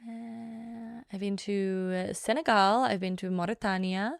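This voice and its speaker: A woman's voice: medium pitch, steady tone, measured pace, gravelly, no room sound, clean studio sound. A young woman streaming, chatting casually in a playful, self-mocking way. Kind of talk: casual live-stream chat.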